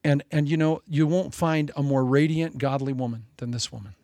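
Pastor, man in his 40s, lively sermon with jokes, raised pitch, gravelly, dry close sound. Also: normal speed, no room sound. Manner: animated, joking, self-mocking asides.

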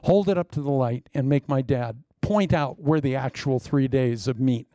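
A man preaching a sermon with wry, self-mocking humor, swinging from loud emphasis down to hushed asides. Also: medium pitch, normal speed, no room sound, clean studio sound. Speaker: pastor.

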